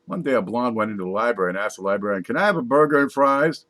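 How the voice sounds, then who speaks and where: A man's voice: medium pitch, fairly bright tone, dry recording. Man reading dumb jokes, chuckling. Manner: reads jokes aloud, laughs at his own punchlines, wry asides. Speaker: comedy joke reader. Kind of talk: casual joke reading.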